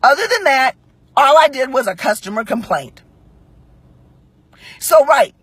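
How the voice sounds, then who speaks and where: Brief: woman, 40s, husky, very animated pitch, blunt and profane vlog monologue. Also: unhurried, no echo. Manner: blunt, profane, emphatic storytelling. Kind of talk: heated monologue to camera.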